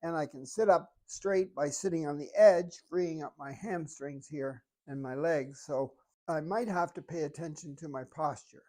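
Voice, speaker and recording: Fitness instructor, calm step-by-step coaching, mid pitch, exercise video. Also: moderate pace.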